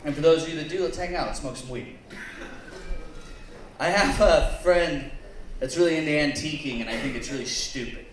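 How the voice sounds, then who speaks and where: A man's voice: fairly high pitch, moderate pace, pauses often. Crude rambling man doing stand-up. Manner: crude, rambling, self-mocking. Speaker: stand-up comic and co-host. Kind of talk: stand-up comedy set. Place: bar lounge stage. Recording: echoey bar room, faint noise, distant mic.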